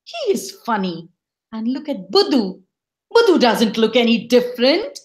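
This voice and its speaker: A woman's voice: on the high side, wildly swooping pitch, unhurried. A woman voicing an old king who gives his judgement in a matter-of-fact way. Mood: amused.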